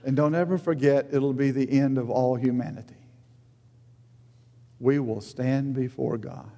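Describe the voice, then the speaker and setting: A man preaching a sermon in an earnest manner, rising for emphasis and then dropping low and quiet. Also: steady tone, a little slow. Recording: long hall reverb.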